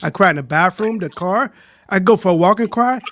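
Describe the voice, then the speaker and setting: Joking high-voiced male panelist. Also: brisk, a little hiss or hum. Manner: joking, animated storyteller. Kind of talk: casual panel chat on a live stream. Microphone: video call.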